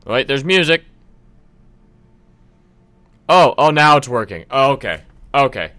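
A young man gives let's play commentary, exasperated and swearing as he plays. His voice is bright and lively, jumping up and down in pitch, but he talks slowly. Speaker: gamer.

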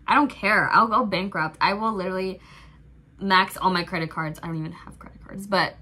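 A woman's voice: medium pitch, fairly quick, bright, forceful tone. A woman hosting a reaction video, gushing in casual fan chat and using "like" constantly. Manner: gushing, effusive, heavy use of "like".

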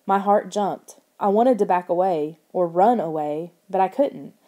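A woman narrating a children's horror audiobook in the first person, steady and expressive. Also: lowish voice, unhurried.

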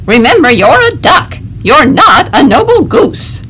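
A prim, indignant female goose from a farmyard picture book, voiced by a woman reading aloud. She scolds slowly and properly, fussing over how things should be. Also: sits high, big pitch swings, a bit bright, slight background noise, voice pushed up, heavily acted. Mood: scolding.

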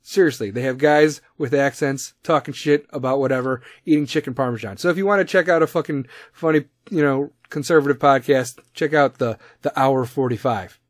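A man with a Chicago accent giving a casual, profanity-laced shout-out on his podcast, rambling loosely and laughing at himself. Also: mid-range voice, fairly quick, hardly any pauses, no room sound, clean studio sound. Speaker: podcast host.

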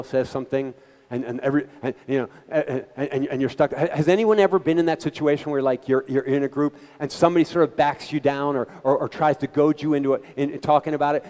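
This is a man at a mid pitch, addressing a community gathering as its guest speaker. He talks in an earnest, conversational way and often puts questions straight to his listeners. His voice carries the long reverb of a meeting hall. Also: dark tone.

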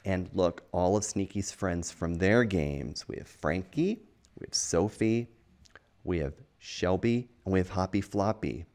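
A man's voice: low-pitched, unhurried, darkish tone. A man reading a children's picture book aloud in a playful, chatty, enthusiastic way.

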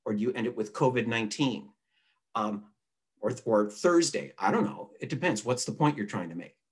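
A man, a newspaper editor, giving a relaxed, chatty writing lesson over a video call, reading example sentences aloud to show their rhythm. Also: mid-range voice, moderate pace, husky. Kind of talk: conversational online writing lesson. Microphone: computer mic on a video call.

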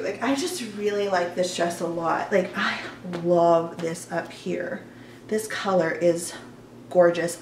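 A woman's voice: medium pitch, a little hiss or hum. A young woman chatting casually in a try-on haul, gushing over clothes with lots of fillers, slightly out of breath. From Georgia, US Southern. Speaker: fashion vlogger. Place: warm bedroom at home. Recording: echoey room, voice a bit far off.

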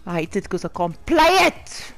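A hoarse woman giggling, swearing and shrieking with excitement through her let's-play commentary, over faint game music. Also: medium pitch, moderate pace. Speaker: gamer.

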